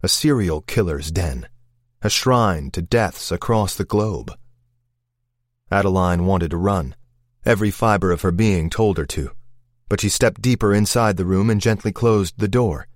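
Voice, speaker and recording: A man reading a suspense novel aloud in a measured, tense manner. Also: deep voice, no room sound, clean studio sound. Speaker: narrator. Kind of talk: audiobook thriller narration.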